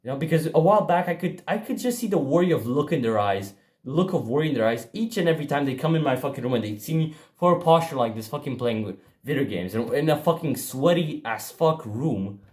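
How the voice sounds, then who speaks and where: A man's voice: a little high, lively intonation, fast, hardly any pauses, a little mellow. A young man giving a casual motivational monologue, blunt and profane, talking emphatically with frequent restarts. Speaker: self-improvement vlogger.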